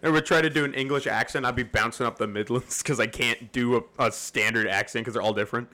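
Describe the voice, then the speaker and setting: A man's voice: mid-range voice, steady tone, fast talker, sharp tone. A man hosting a casual history podcast, rambling and laughing often as he explains. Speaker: podcast host.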